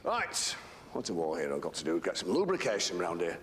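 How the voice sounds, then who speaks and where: An actor playing a gruff, crude middle-aged army war hero, with a thick Northern English accent, in a film. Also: male voice, deep voice, huge pitch swings, fairly quick. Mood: brash. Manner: brash, crude, cheerfully menacing. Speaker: film character.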